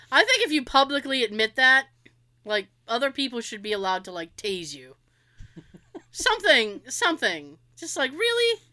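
A woman's voice: sits high, moderate pace, pauses often. A woman co-hosting a casual podcast chat, telling stories animatedly and laughing often. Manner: giggly, animated storytelling with frequent laughs. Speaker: podcast co-host.

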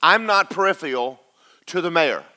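A man's voice: a little high, animated, normal speed, bright, forceful tone. A male pastor preaching a sermon, emphatic and repeating lines for stress as he calls out to the congregation.

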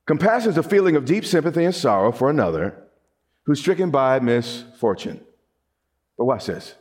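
A man preaching a sermon as pastor, animated and often repeating and restarting his words. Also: mid-range voice, moderate pace.

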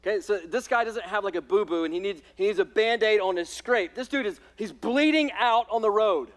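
High-voiced pastor preaching emphatically. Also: male voice, fairly quick. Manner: emphatic, repeats words, says "listen" and "right?" often. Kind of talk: sermon. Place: church in front of a congregation.

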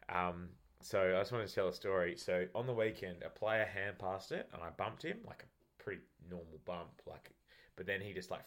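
A young Australian man with a very low voice tells rambling footy stories in a relaxed podcast chat. He drifts from point to point and swears casually. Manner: rambling, laid-back storyteller, swears casually. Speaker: podcast co-host. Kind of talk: casual sports banter.

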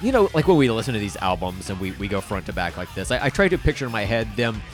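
A man's voice: on the low side, big pitch swings, quick pace. A man co-hosting a podcast, chatting casually about an album, rambling with lots of fillers and restarts. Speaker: podcast co-host. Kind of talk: casual chat about music. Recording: faint music playing underneath.

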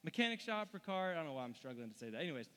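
A man in his thirties preaching to young adults in a chatty, animated way, full of fillers and restarts. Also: a little high, very fast. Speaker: college ministry preacher. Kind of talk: sermon with casual storytelling. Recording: long hall reverb.

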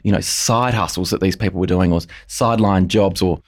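Deep-voiced rambling man. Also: steady tone, a little fast. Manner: rambling, hesitant, many ums and restarts. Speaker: interviewer. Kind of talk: casual conversational interview.

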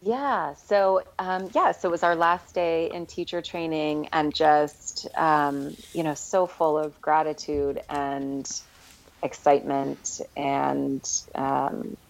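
A woman talking earnestly and reflectively as a podcast guest, with many pauses and fillers. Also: low voice, fairly even intonation, gravelly, low-quality recording. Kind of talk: casual personal storytelling.

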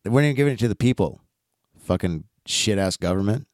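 A man's voice: lowish voice, lively intonation, fast talker, a little mellow, no room sound, clean studio sound. A man in casual podcast chat, teasing and cutting in with profane remarks.

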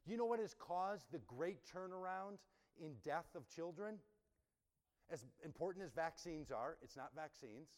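A man's voice: a little high, lively intonation, unhurried. A man preaching a sermon in a conversational, emphatic style, asking rhetorical questions. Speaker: pastor. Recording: reverberant hall sound.

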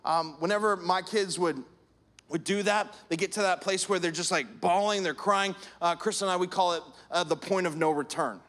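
A man's voice: high-pitched, normal speed, fairly bright tone. A man preaching a sermon, talking conversationally and acting out little stories with gestures of voice. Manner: conversational preaching with acted-out anecdotes. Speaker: pastor.

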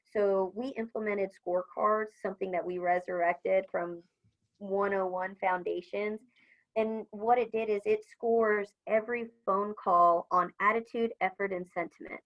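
A supplier's customer service leader, a woman, talks about customer service in a business interview, upbeat and chatty, acting out phone greetings. Her mid-range voice holds a steady tone at a measured pace, and the recording is lo-fi.

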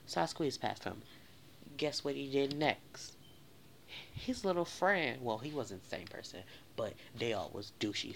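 Gravelly-voiced man telling a dramatic story. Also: medium pitch, a little hiss or hum. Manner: animated, dramatic, addresses viewers directly. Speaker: storyteller vlogger. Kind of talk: casual storytime monologue.

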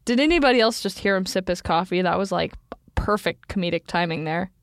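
A woman co-hosting a podcast in casual chat, playful and punning, quick to laugh. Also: lowish voice, lively intonation. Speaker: podcast co-host.

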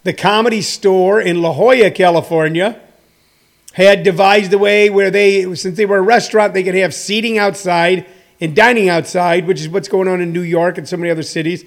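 A man's voice: high voice, steady tone, normal speed, gravelly. A man in his sixties who runs a comedy school, talking in a rambling, joking monologue full of fillers. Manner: meandering, joking, many fillers.

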